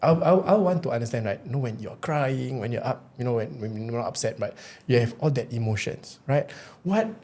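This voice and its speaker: A man, a clinical psychologist, speaking thoughtfully on a podcast and asking gentle, probing questions. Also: mid-range voice, expressive, a little fast, hardly any pauses. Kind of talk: casual podcast advice.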